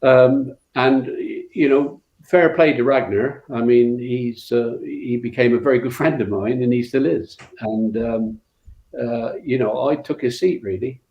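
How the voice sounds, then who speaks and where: Older West Country guest, rambling storyteller; roomy, lo-fi recording. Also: male voice, medium pitch, steady tone, unhurried, a little mellow. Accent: West Country English. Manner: rambling, full of fillers and restarts. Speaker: guest, former rally co-driver. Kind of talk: anecdotal interview storytelling. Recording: roomy, dull lo-fi sound.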